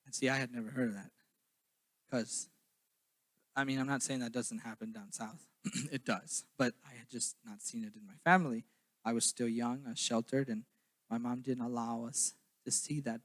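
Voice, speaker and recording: Bright-voiced preacher from southern Minnesota. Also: male voice, mid-range voice, fairly even intonation. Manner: preaches loudly and slowly, then drops to a quiet, halting storytelling tone. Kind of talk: sermon with personal testimony.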